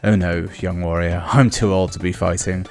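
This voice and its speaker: A man's voice: low-pitched, fairly even intonation, normal speed, soft background music. A man voicing an old male kung fu master in a video game, reading the lines plainly with no accent. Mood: solemn.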